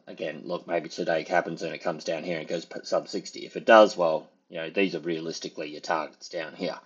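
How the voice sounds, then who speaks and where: A man's voice: sits low, level tone, a little fast, slightly rough, muffled recording. A man, giving casual, rambling market commentary as a trader, full of fillers and hedges. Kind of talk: casual market analysis over charts.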